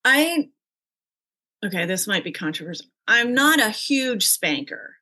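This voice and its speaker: Bright-voiced, animated mother telling stories. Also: medium pitch, a little slow. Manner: animated storyteller, acts out quoted dialogue. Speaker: guest, mother of the host; parent who also coached youth sports. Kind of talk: casual podcast conversation.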